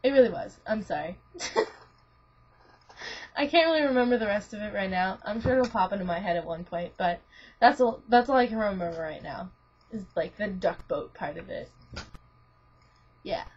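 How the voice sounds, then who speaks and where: A young adult woman vlogging as a student recounts a dream to a friend over lo-fi webcam audio. Her mid-range voice is expressive, darkish, and slightly rough, at normal speed with long pauses, and she rambles and giggles, restarting often and saying "like" a lot.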